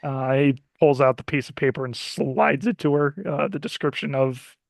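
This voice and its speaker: A man's voice: medium pitch, little pitch movement, moderate pace, gravelly, dry recording. A man playing a tabletop role-playing game, describing his character's moves, hesitant and stammering. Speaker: player.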